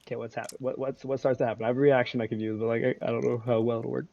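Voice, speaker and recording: A man's voice: mid-range voice, little pitch movement, gravelly, mellow, lo-fi sound. A man playing in a tabletop game, eager and stumbling over his words. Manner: eager, stumbling, quick to laugh. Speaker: player. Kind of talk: casual tabletop play.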